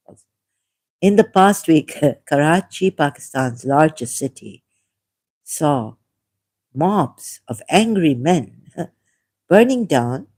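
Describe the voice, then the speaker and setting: Slow, hesitant non-native English speaker. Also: medium pitch, a little mellow. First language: not English. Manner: hesitant, self-correcting, with frequent small laughs. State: sore, recovering from a cough. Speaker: ex-Muslim vlogger. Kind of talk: reading an article aloud with rambling commentary.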